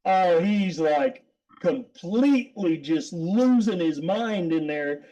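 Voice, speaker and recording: A man's voice: sits high, animated, slow, dark tone, highs cut off. A middle-aged man, a guest, telling a story casually, rambling with repeated words and frequent laughs.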